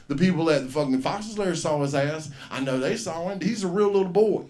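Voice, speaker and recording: A man's voice: a little high, lively intonation, fairly quick, few pauses, a little mellow. A man hosting an open mic, rambling through a profane story and acting out the voices in it. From US South. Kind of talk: stand-up storytelling. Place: comedy club stage.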